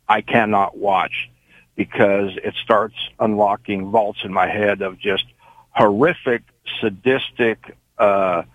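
A man's voice: fairly low pitch, dry recording, narrow, tinny audio. An older man calling in from Indiana, telling a long rambling story with many fillers. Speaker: caller. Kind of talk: phone-in call.

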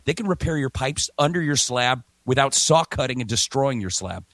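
A man's voice: medium pitch, animated, normal speed, fairly bright tone, no echo. A man hosting a morning radio talk show, chatting energetically and reading ads with emphatic repetition. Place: remote broadcast from a hotel or home setup.

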